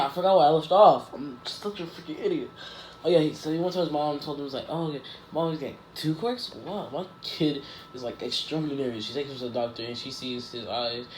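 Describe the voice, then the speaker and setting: A man's voice: on the high side, darkish tone. Rambling man telling a story in an echoey room. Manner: rambling, self-correcting, lots of "like" and "um". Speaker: YouTuber telling a fan story. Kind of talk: casual improvised storytelling. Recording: echoey room with faint background noise.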